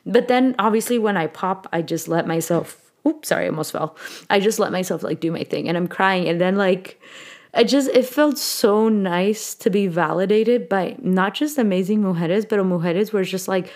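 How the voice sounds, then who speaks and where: A woman's voice: medium pitch, normal speed, darkish tone. A woman in her late twenties hosting a podcast, telling a personal story in a candid, emotional way and dropping in Spanish words. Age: late 20s. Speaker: podcast host.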